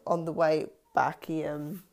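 A woman with a low voice talks through a film's story in a loose, casual way. She stops often to say um and goes back to restart her sentences. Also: flat delivery, a little slow, heavy background noise. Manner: hesitant, many ums and restarts. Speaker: film discussion vlogger. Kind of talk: casual plot retelling.

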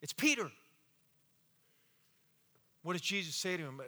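A fiery male pastor preaching in a big hall, his bright, high-pitched voice trailing long reverb. He swings from booming exclamations to hushed, slow passages, repeating words as he drives his points home and acts out the quotes. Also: big pitch swings. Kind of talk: sermon.

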